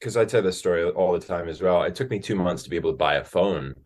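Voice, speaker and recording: An American man from Alaska, an actor, chatting as a podcast guest and telling animated stories. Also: low voice, quick pace. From Alaska, USA. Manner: animated storyteller, jumps into quoted voices. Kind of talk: casual interview chat.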